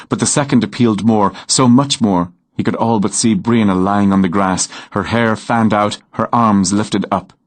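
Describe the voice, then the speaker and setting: A man narrating a romance novel in a measured, unhurried storytelling manner. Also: lowish voice, no echo. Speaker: audiobook narrator.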